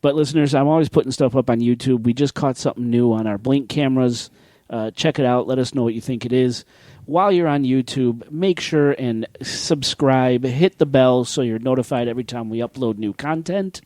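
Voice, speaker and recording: A middle-aged man hosting a podcast in casual, joking chat, quick to laugh at himself. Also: mid-range voice, mellow, dry recording. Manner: joking, self-mocking, laughs often. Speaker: podcast host.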